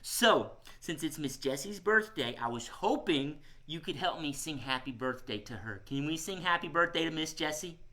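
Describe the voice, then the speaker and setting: A man's voice: on the high side, animated, normal speed, few pauses, bright, forceful tone. A man hosting a live children's music show, playful and coaxing, who often says "y'all" to his young audience. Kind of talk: live-streamed kids' show chat.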